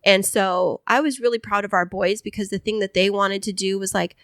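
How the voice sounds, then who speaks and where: A woman's voice: mid-range voice, brisk, no room sound. Chatty woman telling a story, dry sound. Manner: animated storyteller acting out quoted voices. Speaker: podcast co-host. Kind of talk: casual storytelling chat.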